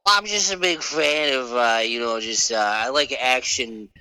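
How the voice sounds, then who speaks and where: A man's voice: medium pitch, measured pace, pushed and bright, clear, resonant tone, dry recording. A man playing a brash, rambling Boston caller with a Boston accent in an improvised comedy bit. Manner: rambling, confidently clueless.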